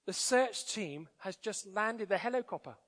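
A man voicing a small child in a whispered role-play, hushed and secretive on the phone. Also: high-pitched, expressive, a little slow.

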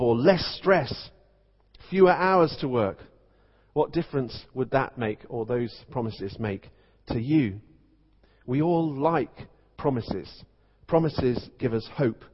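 A man's voice: medium pitch, expressive, takes it slowly, slightly rough. A man serving as vicar, preaching a sermon in a conversational storytelling manner. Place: church. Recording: dull recording in echoey church.

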